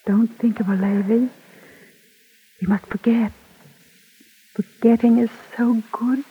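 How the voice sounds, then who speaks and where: A woman playing a tender, grieving mother comforting her son in a radio drama, soft and soothing. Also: fairly high pitch, fairly even intonation, slow pace, breathy edge, heavily acted. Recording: tinny phone-like old recording.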